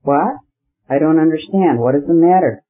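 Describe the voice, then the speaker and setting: A man's voice: moderate pace, natural voice. A man voicing an earnest, loving young woman in a storybook reading, his voice lifted and pleading. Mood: bewildered. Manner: raised pitch, eager and pleading. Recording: slightly muffled audio.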